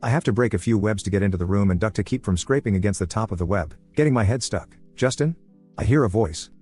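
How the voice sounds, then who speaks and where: A man narrating a first-person story in a calm, even, plain telling. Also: on the low side, quick pace, breathy edge, soft background music.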